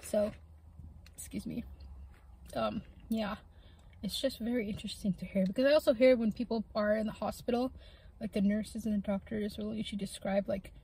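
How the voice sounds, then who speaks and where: Husky-voiced woman musing while eating. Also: medium pitch, mellow, rough recording. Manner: talks with her mouth full; musing, rambling with many fillers. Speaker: mukbang vlogger. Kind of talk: casual chat while eating.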